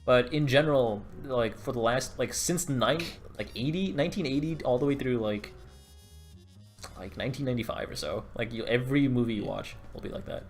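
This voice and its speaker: A man's voice: medium pitch, a little fast, soft background music. A man co-hosting a live game stream, chatting casually and giving coaching advice with lots of fillers. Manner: chatty, rambling, filler-heavy. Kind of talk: casual livestream commentary.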